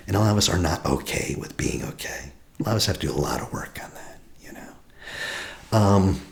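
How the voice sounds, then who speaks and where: A man in his forties, an attachment healing practitioner, giving a reflective teaching talk, asking questions and often dropping to a soft whisper. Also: low voice, gravelly. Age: 40s.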